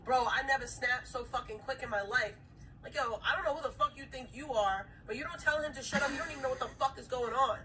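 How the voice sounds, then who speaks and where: A woman telling an angry story in a fast, profane, heated rant, in a played clip. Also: sits high, pushed and bright, slight background noise, low-quality recording.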